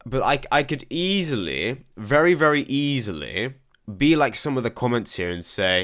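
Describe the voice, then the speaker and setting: A young Englishman whose accent carries a slight American and European mix, reading viewer comments aloud and answering them in a halting way, often repeating words as he starts a sentence. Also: mid-range voice, very animated, fairly bright tone. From England. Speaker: commentary channel host.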